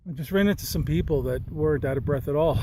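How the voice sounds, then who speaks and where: A slightly high-voiced young man talks to his handheld camera while hiking outdoors, winded and puffing between sentences. He chats loosely, laughing at himself, with a faint hiss in the background. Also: fast, dark tone, low-quality recording. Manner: chatty, self-mocking, laughing. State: out of breath. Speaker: vlogger. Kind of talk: casual hiking vlog. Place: outdoors on sand dunes.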